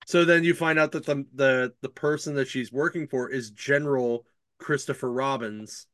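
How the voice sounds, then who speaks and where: A man hosting a casual book podcast recaps a plot in a rambling way, laughing often and leaning on plenty of fillers. His mid-range, fairly bright voice has fairly even intonation at a normal speed, captured in a dry, studio-quality recording.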